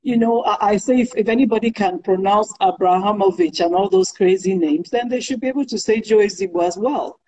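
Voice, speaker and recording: Middle-aged Nigerian woman, guest on a talk show; animated and emphatic, with a warm, husky tone. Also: medium pitch, a little fast, hardly any pauses, poor audio. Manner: animated, emphatic, laughs easily. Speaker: podcast guest. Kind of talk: casual conversation.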